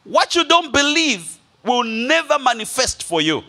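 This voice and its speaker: A man preaching to his congregation in a high, very bright voice that rises and falls dramatically. He delivers the sermon slowly and emphatically, repeating key lines and addressing the room as beloved. At church service energy, he swings between hushed phrases and loud declarations. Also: very animated. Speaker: pastor.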